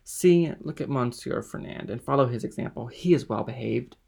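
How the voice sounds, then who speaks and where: A man voicing a scheming, envious ship's officer, smooth and calculating in manner. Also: mid-range voice, moderate pace, darkish tone. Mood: sly.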